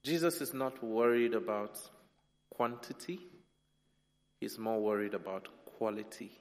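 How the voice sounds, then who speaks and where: A man from Nigeria, preaching a sermon with humour, swinging between loud and soft. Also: on the low side, unhurried. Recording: long hall reverb.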